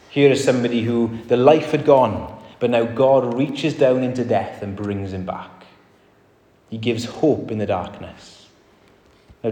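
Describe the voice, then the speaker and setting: A man's voice: lowish voice, darkish tone. A man preaching a sermon to a congregation in an earnest way, asking rhetorical questions and acting out short quotes. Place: church hall before a congregation. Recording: echoey reverberant hall.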